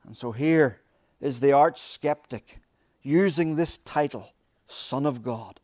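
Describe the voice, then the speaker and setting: A man preaching a sermon, with dramatic pauses and emphatic repetition. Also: medium pitch, darkish tone, no echo, clean studio sound.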